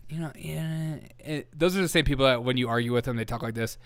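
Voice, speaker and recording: A man hosting a satirical commentary show, sarcastic and quick to laugh at his own mocking asides. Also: mid-range voice. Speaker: host.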